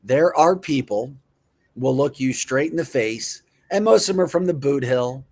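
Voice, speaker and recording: A man's voice: mid-range voice, animated, moderate pace, creaky, darkish tone. A middle-aged man hosting a casual chat show, playful, repeating words in mock pronunciations and chuckling often. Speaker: show host.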